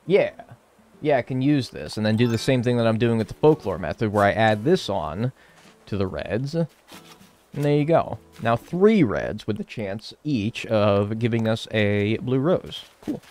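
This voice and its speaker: Young American male gaming streamer; bouncy, expressive delivery, casual swearing, cheeky banter. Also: fairly low pitch, unhurried. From United States. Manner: animated, swears casually, playful banter and mock arguing. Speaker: game streamer. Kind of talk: casual chat while gaming, answering chat.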